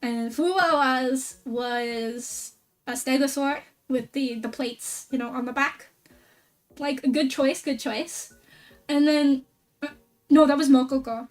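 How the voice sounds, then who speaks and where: A woman VTuber streamer chatting casually, excitable and rambling, with a lot of "like" fillers. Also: sits high, slow, far from the mic, soft background music. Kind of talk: casual stream chat recap.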